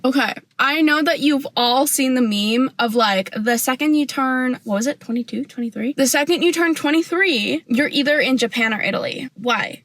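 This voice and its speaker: Sassy young woman ranting to camera. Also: a little high. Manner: sassy, animated, lots of "like" fillers. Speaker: vlogger. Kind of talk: casual opinion rant to camera.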